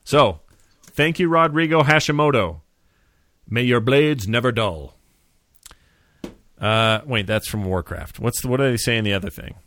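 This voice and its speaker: A man hosting a casual podcast, talking in an animated, jokey, rambling way with restarts. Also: mid-range voice, fairly quick, dry recording. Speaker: podcast host.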